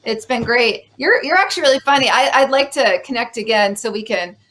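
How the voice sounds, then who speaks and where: Animated young woman hosting a talk show. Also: on the high side, a little fast. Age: young adult. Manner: animated, ranting opinions. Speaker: podcast host. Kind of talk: casual interview chat.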